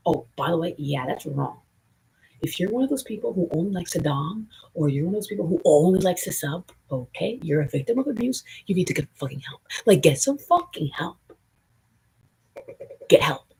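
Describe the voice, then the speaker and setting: Southern accent, gravelly, raspy, lively pitch swings, profane rambling live stream chat. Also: rough recording. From Southern United States. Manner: profane, excitable, jumps between topics. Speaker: livestreamer.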